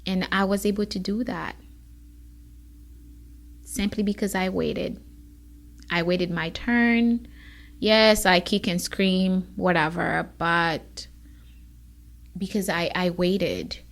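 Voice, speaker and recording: Slow, earnest woman sharing a testimony. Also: fairly low pitch, fairly even intonation, gravelly. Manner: emotional, near tears at times; earnest, encouraging. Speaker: podcast host, immigration attorney. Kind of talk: personal testimony monologue.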